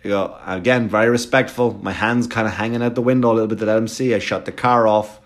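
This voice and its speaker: A male comedian telling a story for laughs, swearing freely and often checking in with a quick question to the listener. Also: on the low side. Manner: profane, animated, keeps checking in with the listener.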